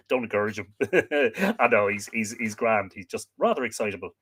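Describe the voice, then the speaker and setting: A man with an Irish accent chats easily on his livestream, working through viewer comments one by one. He greets each person, adds small remarks, and often pauses on fillers as he goes. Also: fairly low pitch, fairly even intonation, fairly bright tone, breathy edge. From Ireland. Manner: chatty, reads out names and greetings with frequent fillers. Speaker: livestream host. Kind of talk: casual livestream chat, reading viewer comments. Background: dog barking at times.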